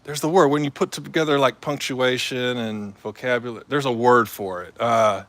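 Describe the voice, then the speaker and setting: A man with a bright, forceful voice rambles through a casual live-stream monologue. He talks loosely, full of fillers, restarts and slang. His pitch sits in a middle range for a man. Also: steady tone, moderate pace, no room sound.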